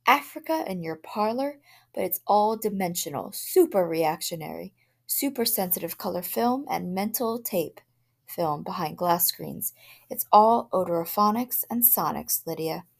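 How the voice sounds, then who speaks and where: A woman reading the part of a husband in a short story, in a steady, soothing, matter-of-fact voice. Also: medium pitch, measured pace, gravelly. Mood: reassuring. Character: calm, reassuring husband and father.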